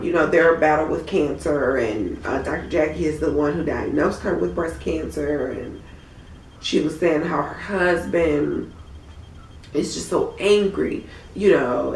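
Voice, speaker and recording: Woman reviewer, hoarse with a cold, blunt and sassy, recorded a bit off-mic in an echoey room. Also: low voice, slight background noise. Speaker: TV episode reviewer. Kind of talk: casual recap commentary. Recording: roomy, from a distant mic.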